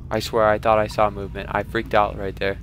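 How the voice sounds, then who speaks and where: A man streaming a survival game, commenting live as he plays, cursing often and jumping from low muttering to panicked yelling. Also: completely flat delivery, a little fast, slight background noise. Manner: swears a lot, swings from muttering to panicked yelling.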